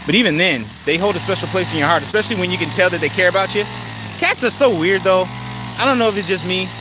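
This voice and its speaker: A man's voice: high voice, fast. A middle-aged man hosting a casual live stream outdoors in a yard on a handheld phone, talking in an easygoing, rambling way with many fillers and greeting viewers. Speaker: channel host. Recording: outdoor traffic and engine noise.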